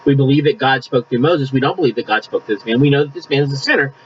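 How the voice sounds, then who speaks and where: A man's voice: mid-range voice, very fast, hardly any pauses, lo-fi sound, a little hiss or hum. A man preaching a conversational sermon, reading scripture aloud and adding asides. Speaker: pastor.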